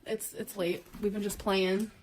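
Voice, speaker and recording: A woman's voice: mid-range voice, measured pace. A young woman vlogging in a casual late-night chat, tired and loopy, laughing often. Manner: giggly, animated.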